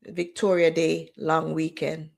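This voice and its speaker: A woman's voice: sits low, unhurried, vocal fry. A woman in her forties with a lilt tells her own story on a livestream. She speaks openly and with feeling, and she brings the people in her story to life through their quoted words. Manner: candid, emotional, animated retelling with quoted dialogue. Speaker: livestream host.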